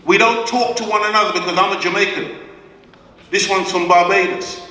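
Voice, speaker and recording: Here a guest speaker at a community event preaches emphatically to listeners who call back to him. His voice sits high with a sharp tone, fairly even intonation, and a fairly quick pace, captured from far off in an echoey community hall.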